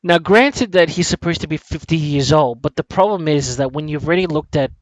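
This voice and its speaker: A man co-hosting a casual chat, rambling and animated, with many restarts and some swearing. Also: a little high, brisk, dry recording, rough recording. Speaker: podcast co-host.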